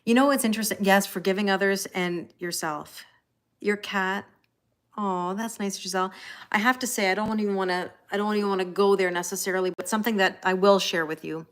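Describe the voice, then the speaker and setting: A woman with a Canadian accent speaks briskly in a steady, mid-range voice while running a tarot livestream. Casual and reassuring, she reads viewers' comments and talks straight to them, often with "you know?".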